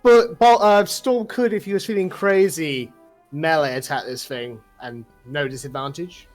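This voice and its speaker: A player in a tabletop game who talks casually, jokes, and gets excited by their moves. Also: medium pitch, normal speed, faint music behind. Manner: lively, excitable, joking.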